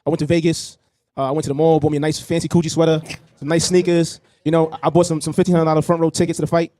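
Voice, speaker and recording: A man casually telling an animated story and laughing as he goes. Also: fairly high pitch, very fast.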